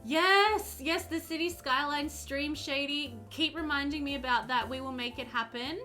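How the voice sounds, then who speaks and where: A young woman whose voice sits high speaks at normal speed while streaming a game, soft music in the background. Warm and chatty, she reads her live chat aloud and giggles often.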